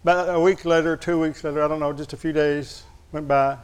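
A man's voice: on the high side, steady tone, fairly quick, clear, resonant tone. A male pastor preaching a sermon, telling a personal story in a folksy, candid, humorous way to his congregation.

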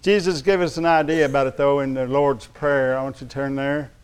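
Clear-voiced male pastor preaching emphatically. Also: medium pitch, fairly even intonation, a little fast. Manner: emphatic, calls on the congregation to respond. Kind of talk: sermon.

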